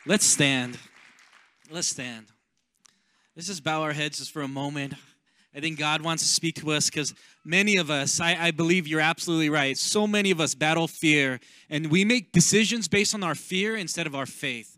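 A man's voice: fairly high pitch, moderate pace, bright, forceful tone, no room sound, a faint crowd. A male pastor inviting the congregation to stand and pray, leading in an earnest way. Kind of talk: closing prayer invitation.

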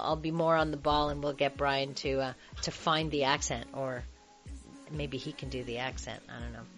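A woman's voice: fairly low pitch, fairly bright tone, highs cut off. A woman hosting a radio talk show, chatting casually with many fillers and restarts.

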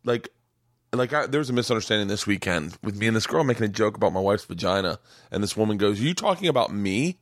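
Profane, animated man telling club stories. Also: fairly low pitch, fast talker, no echo, clean studio sound. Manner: profane, animated, acts out quotes in a raised voice. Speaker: podcast host and comedian. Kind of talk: casual storytelling chat. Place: small home studio room.

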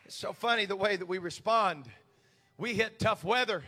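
A male pastor preaching a sermon, swinging from quiet confiding talk to shouted, impassioned preaching. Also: sits high, moderate pace, crowd noise, background noise.

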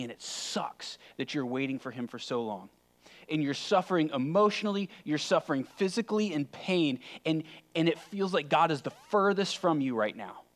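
Man preaching a conversational sermon. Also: fairly high pitch. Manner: conversational, emphatic preaching with sudden quiet drops. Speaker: pastor.

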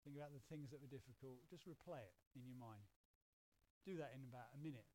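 A man's voice: medium pitch, quick pace, a little hiss or hum. A middle-aged man from England, preaching a conversational sermon and acting out quoted voices. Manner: conversational, animated, acts out little quoted voices. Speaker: pastor.

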